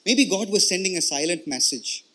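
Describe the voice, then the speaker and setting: A man preaching a sermon in an earnest, conversational way. His voice sits somewhat high and sounds bright and forward. He keeps checking in with his listeners and often repeats words as he explains. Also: expressive, moderate pace, slightly rough. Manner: earnest, explanatory, with frequent "you know" and "right?" check-ins and repeated words. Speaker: pastor.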